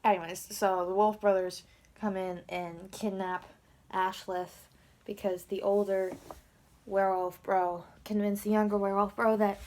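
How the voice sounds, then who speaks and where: A woman giving a casual, rambling recap of a TV episode, swinging between loud outbursts and whispers. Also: medium pitch, flat delivery, a little slow. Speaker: video blogger recapping a TV episode.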